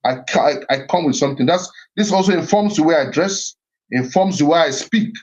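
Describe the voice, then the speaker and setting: A man's voice: on the high side, brisk, darkish tone. A middle-aged man giving an earnest, reflective talk on heritage and identity, often repeating himself and restarting phrases. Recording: slightly muffled recording.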